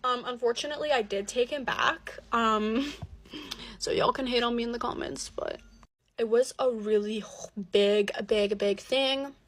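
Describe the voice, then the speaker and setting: A woman's voice: a little high, unhurried. A woman telling a personal story in casual chat, candid and swearing freely with plenty of fillers.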